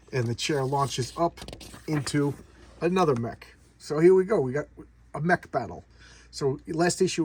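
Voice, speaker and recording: A man talks through a comic book's story in a casual, rambling way, often stumbling over and repeating his words. His voice is a little husky and sits somewhat high for a man. He sounds eager as he recounts the action. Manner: enthusiastic recap of a plot. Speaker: comic book reviewer. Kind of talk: casual chat.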